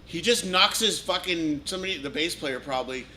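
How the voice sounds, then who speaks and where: A man in casual chat, animated and profane, often trailing off mid-thought. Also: on the high side, fairly quick, slight background noise, low-quality recording.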